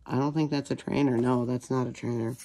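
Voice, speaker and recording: A man's voice: mid-range voice, steady tone, brisk, dark tone, a little hiss or hum. A man casually narrating while he opens trading card packs, rambling and joking to himself and sometimes calling himself by name in the third person. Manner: rambling, jokey self-talk, refers to himself in third person. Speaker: card-opening video host.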